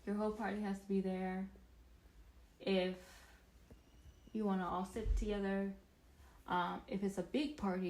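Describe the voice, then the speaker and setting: A young woman casually telling a storytime vlog, rambling with restarts and sudden animated bursts of loudness. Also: mid-range voice, slight background noise, low-quality recording. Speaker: vlogger.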